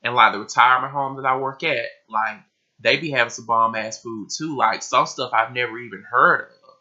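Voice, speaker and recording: A young man vlogging casually to camera, his voice a bit croaky from just waking up, talking emphatically with lots of "like" and casual swearing. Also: medium pitch, normal speed, pushed and bright. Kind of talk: casual vlog talk to camera. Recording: dull lo-fi recording.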